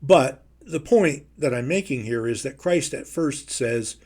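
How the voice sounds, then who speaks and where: Measured, emphatic male preacher. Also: medium pitch, animated, a little mellow. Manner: measured, emphatic, with slow stressed phrases. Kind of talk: Bible teaching.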